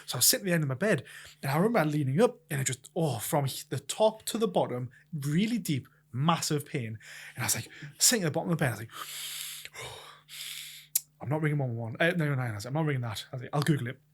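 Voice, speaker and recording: A man chats on a podcast at a quick clip, his voice sitting a little high. He tells stories with lots of energy and acts out his own panicked reactions. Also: lively intonation, husky. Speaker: podcast co-host. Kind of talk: casual chat.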